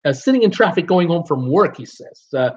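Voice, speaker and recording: Middle-aged male stream host, high-pitched, chatty and jokey, dull lo-fi home mic. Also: animated, fairly quick, darkish tone, slightly rough. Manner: chatty, jokey, reads comments aloud with bursts of laughter. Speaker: host of a live cruise show. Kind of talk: casual live chat reading viewer comments.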